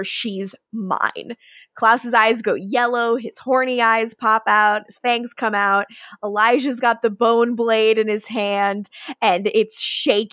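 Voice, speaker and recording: A woman's voice: on the high side, fairly bright tone, no room sound, clean studio sound. A woman co-hosting a podcast, recapping a show in casual chat, swearing and acting out scenes with bursts of laughter. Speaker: podcast co-host.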